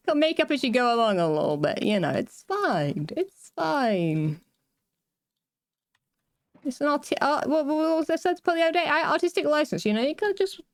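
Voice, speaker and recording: A woman game streamer chats with her viewers while she builds, rambling from one half-finished thought to the next and laughing often. Her voice sits at an ordinary middle pitch. The sound is dry and close, with no room in it. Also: no echo. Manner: rambling, self-interrupting, laughs often, talks to chat. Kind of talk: casual livestream chat while building in a game.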